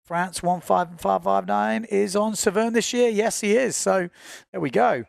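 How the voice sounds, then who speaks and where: A man's voice: high voice, unhurried, vocal fry, dry recording, clean studio sound. A man giving chatty, informal live commentary on a windsurfing race, often correcting himself as he goes.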